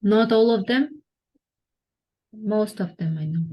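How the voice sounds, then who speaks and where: Slow-speaking female English student. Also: mid-range voice, husky, lo-fi sound. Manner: asks short questions and checks understanding. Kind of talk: one-on-one lesson.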